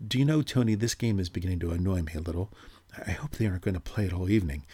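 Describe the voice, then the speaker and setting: A man voicing a kind, chatty woman guest who is a little uneasy, talking in a quick, confiding way. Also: low-pitched, a little mellow, breathy edge.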